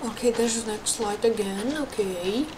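Playing a horror game live, this streamer jumps at scares and exclaims frequently as she comments. She has a fairly high voice and talks at normal speed, and there is noticeable background noise.

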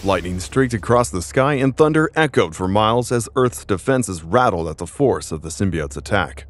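A man giving dramatic scripted narration of a comic story. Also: mid-range voice.

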